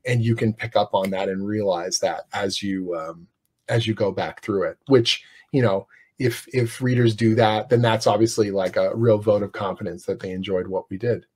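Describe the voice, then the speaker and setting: A man's voice: lowish voice, steady tone, moderate pace, darkish tone, breathy edge. A middle-aged man, a comics writer, talking in a casual interview with enthusiasm and many restarts.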